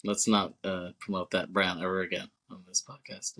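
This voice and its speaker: Bright-voiced laughing podcast man. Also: low voice, wildly swooping pitch, measured pace, breathy edge. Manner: laughs often, swears, acts out movie scenes. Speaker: podcast co-host. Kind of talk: casual movie podcast chat.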